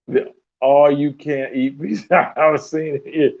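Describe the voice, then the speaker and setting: A man's voice: a little high, steady tone, slow pace, creaky, a little mellow, dull audio. A man hosting a podcast, telling a story in a loose, profane way and laughing often. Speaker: podcast host.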